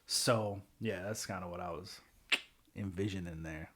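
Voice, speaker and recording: A man's voice: deep voice, unhurried, a bit bright. A man co-hosting a pop culture podcast in casual chat, rambling with lots of "like" fillers. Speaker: podcast co-host.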